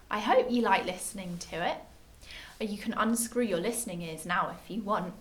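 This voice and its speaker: A woman reading a children's picture book aloud at a library story time, with lively expression. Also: medium pitch, normal speed.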